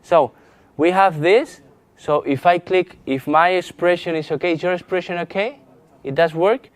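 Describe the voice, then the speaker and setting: A man with a Spanish accent teaching a live software training lesson, halting often with restarts and fillers as he demonstrates on screen. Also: high voice, no room sound. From Spain. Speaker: GIS instructor.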